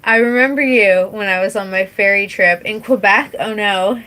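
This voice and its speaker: A woman's voice: mid-range voice, moderate pace, sharp tone, low-quality recording. A young woman from British Columbia, streaming and chatting casually with her chat, rambling with lots of fillers and casual swearing. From British Columbia, Canada. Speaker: live streamer.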